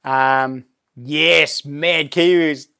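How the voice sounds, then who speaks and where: A man's voice: fairly high pitch, fairly even intonation, drawn-out words, creaky, clear, resonant tone. A man with a New Zealand accent hosting a casual live stream, chatting loosely and thanking viewers for their support. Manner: chatty, thanks viewers warmly, lots of fillers and laughs. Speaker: livestream host and knifemaker.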